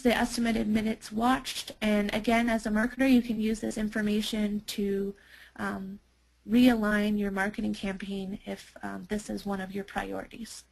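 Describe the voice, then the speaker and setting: A woman's voice: medium pitch, gravelly, darkish tone, low-quality recording. A woman presenting a webinar product demo as a marketer, chatty, with many fillers and restarts.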